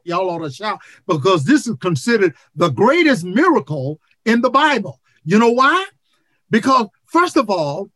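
A preacher of about seventy delivering an impassioned sermon over a video call, repeating phrases and building to shouts. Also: medium pitch, dry recording. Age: 70s.

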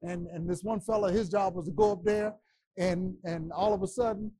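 A man teaching a Bible class, preaching with passion, stammering repetitions and bursts of shouting. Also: sits high, steady tone, normal speed, breathy edge.

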